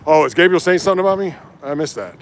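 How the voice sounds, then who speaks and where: A man hosting a casual livestream outdoors on city streets, talking into his phone as he runs and answering viewers' comments one after another. His voice sits high for a man and has a gravelly, frying edge. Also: expressive, rapid-fire. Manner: chatty, reads viewer comments aloud and reacts. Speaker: livestream host. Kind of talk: casual livestream chat while running. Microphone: handheld phone.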